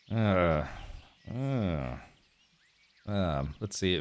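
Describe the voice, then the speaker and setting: A man's voice: lowish voice, animated, moderate pace. A man streaming a game, chatting casually, laughing often and talking to his viewers in rambling asides. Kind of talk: casual live gameplay commentary.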